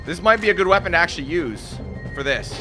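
Dude doing lets play commentary, high bright voice, swears a ton and freaks out, faint music behind. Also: male voice, fast. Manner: excitable, swears a lot, yells when panicked. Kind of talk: casual gameplay commentary.

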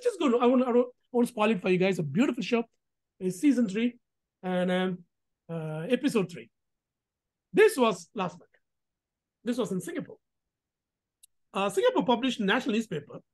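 A female host delivering casual vlog commentary with emphatic punches and rhetorical questions. Her voice sits a little high with a husky, breathy texture, and her pitch leaps about constantly. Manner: animated, emphatic, with frequent restarts and rhetorical questions.

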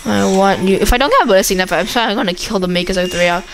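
A woman giving casual, excitable commentary while playing a zombie shooter game, chattering at the game and the enemies. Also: mid-range voice, very fast, a little hiss or hum, rough recording. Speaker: gameplay commentator.

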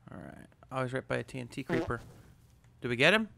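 A man's voice: medium pitch, animated, quick pace, creaky, sharp tone, slight background noise. A man hosting a video game channel, giving upbeat, chatty gameplay commentary with a self-mocking streak. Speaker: gaming channel host.

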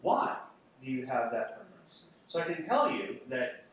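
A man's voice: medium pitch, sing-song, moderate pace, fairly bright tone, slight background noise. Man lecturing in an echoey hall. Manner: conversational, frequent restarts and fillers. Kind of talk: academic lecture with audience polling. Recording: echoey hall, far from mic, dull sound.

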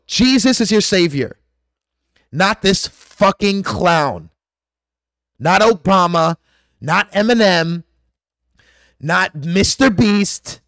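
A man's voice: high voice, lively intonation, slow pace, pauses often, a bit bright, no echo, studio quality. A man delivering an aggressive, profane, preachy rant straight to his viewers as a vlogger. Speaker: conspiracy vlogger. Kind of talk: ranting monologue to camera.

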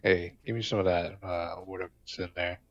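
Gravelly young man joking through gameplay. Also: low voice, fairly even intonation, a little fast, no echo, dull audio. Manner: joking, swearing, talks to game characters. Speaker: gamer. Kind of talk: casual gameplay commentary.

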